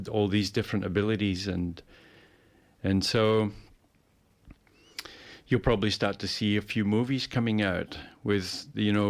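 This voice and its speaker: A man in casual conversation, rambling and repeating words as he muses. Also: fairly low pitch. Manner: rambling, repeats words, puts on playful voices. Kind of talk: casual chat.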